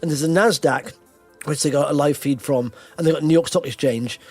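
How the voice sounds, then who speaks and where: A man's voice: fairly high pitch, a little mellow, faint music behind. A man hosting a podcast, chatting casually and jokingly, with frequent restarts. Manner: chatty and jokey, quick restarts. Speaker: podcast host. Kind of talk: casual chat.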